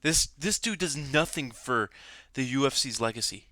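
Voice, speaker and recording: A man's voice: mid-range voice, expressive, moderate pace, bright, forceful tone, no echo. A young man ranting angrily about fights, swearing and repeating himself. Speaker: MMA commentator. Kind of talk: ranting fan commentary.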